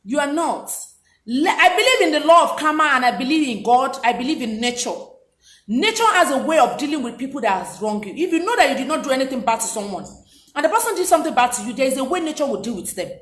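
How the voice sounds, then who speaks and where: A woman's voice: high voice, very animated, fast, fairly bright tone. A woman giving a motivational talk, speaking emphatically and repeating her key points. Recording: roomy echo.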